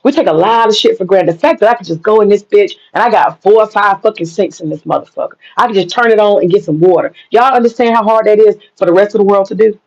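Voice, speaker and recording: A woman's voice: medium pitch, fast talker, hardly any pauses, darkish tone. An American woman, a vlogger, delivering a heated, profane rant in a blunt and angry way. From United States. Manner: blunt, heated, heavy swearing. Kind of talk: profane ranting monologue. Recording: dull lo-fi recording.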